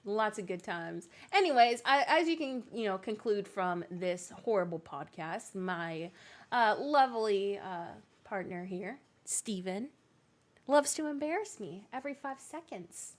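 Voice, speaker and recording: A woman's voice: medium pitch, measured pace. A young woman streaming a game, chatting casually and telling stories with lots of laughter. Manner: giggly, animated storytelling. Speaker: streamer and co-host. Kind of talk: casual chat while gaming.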